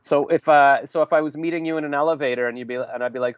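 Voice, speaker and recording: A man's voice: a little high, steady tone, fast, clear, resonant tone, dry recording, muffled recording. A man hosting a casual interview over a video call, rambling and joking at his own expense. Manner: rambling, self-deprecating, jokey. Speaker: podcast host.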